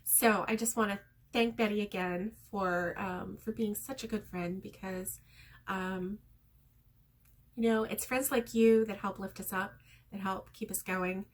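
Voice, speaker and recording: A middle-aged woman chatting casually to her viewers as a crochet vlogger, rambling and heartfelt with many pauses and ums. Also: mid-range voice, steady tone.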